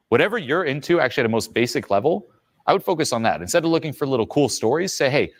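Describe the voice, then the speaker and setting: A man coaching on social skills, telling stories in a lively, expressive way. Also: no echo. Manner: lively, expressive, swings in pitch. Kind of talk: animated storytelling advice.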